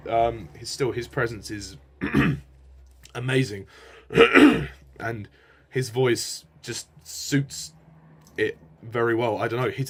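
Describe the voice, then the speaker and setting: A man giving a casual spoken film review. He sounds enthusiastic and hesitant, and rambles. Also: medium pitch.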